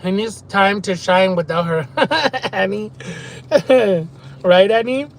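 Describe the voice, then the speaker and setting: A man live-streaming a mukbang, telling stories excitedly with lots of swearing and chewing between lines, from a parked car. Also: sits high, slow pace, gravelly, rough recording. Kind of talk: casual live-stream chat while eating.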